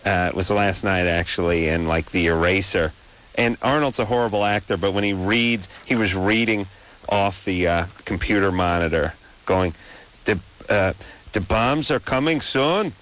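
A man hosting a late-night radio call-in show, riffing sarcastically and rambling through jokes with quick asides. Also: deep voice, fairly even intonation, a bit bright, slight background noise, poor audio.

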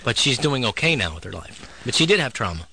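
A man's voice: mid-range voice, big pitch swings, fast, sharp tone, breathy edge. A man on a call-in radio show, asking blunt questions in a discussion.

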